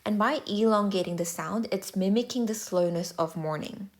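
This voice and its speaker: A woman tutor giving a measured, clear, step-by-step explanatory voice-over lesson. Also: mid-range voice.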